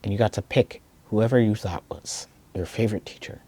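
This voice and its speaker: Soft-spoken man with a husky, mellow voice. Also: fairly low pitch, fairly even intonation, fairly quick. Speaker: video essayist. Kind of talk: reflective personal storytelling.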